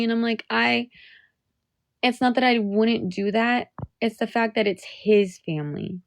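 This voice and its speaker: A woman's voice: on the high side, normal speed. A young woman venting on a live stream, her voice cracking near tears, swearing often and restarting her sentences. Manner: profane, repetitive, restarts sentences. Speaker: livestreamer.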